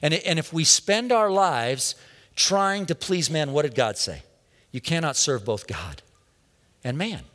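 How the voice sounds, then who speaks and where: A man's voice: a little high, very animated, unhurried, fairly bright tone, long reverb tail. A male pastor preaching a sermon, emphatic, repeating refrains and asking the congregation questions.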